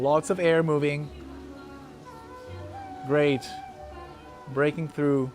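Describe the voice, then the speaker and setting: A man's voice: a little high, level tone, slow, long pauses, soft background music. A man coaching a breath-hold session, encouraging the group and calling out hold times.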